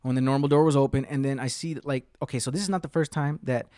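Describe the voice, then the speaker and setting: This podcast host has a mid-range, warm, clear and resonant voice with fairly even intonation, and he speaks quickly. The studio-quality recording is dry. He rambles through a heavily profane story, voicing the people in it, in casual storytelling style.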